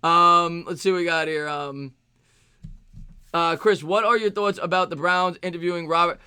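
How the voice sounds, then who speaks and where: A man with a New York accent runs a casual live-stream Q&A and answers viewer questions as they come in. His voice is bright and forceful, set a little higher than most men's. He talks loosely, with many fillers and repeated phrases, recorded dry and close. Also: fairly even intonation, moderate pace, clean tone, no room sound. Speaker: sports stream host.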